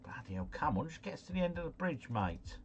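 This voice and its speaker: A man giving live gameplay commentary, chatty and excitable as he talks to his viewers. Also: fairly high pitch, quick pace, highs cut off, slight background noise. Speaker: gaming livestreamer.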